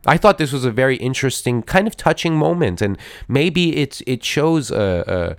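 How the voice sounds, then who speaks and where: With lively intonation and a medium-pitched voice at normal speed, a man hosts a podcast movie review in clean, echo-free studio sound. He rambles wryly, sounds mock-admiring, and keeps restarting and repeating words.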